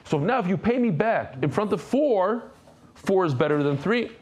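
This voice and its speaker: A middle-aged man, a rabbi, teaching a daily Talmud class in an animated, conversational way, mixing Hebrew and Aramaic terms into his English. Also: sits high, normal speed, breathy edge. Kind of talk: lively Talmud lesson.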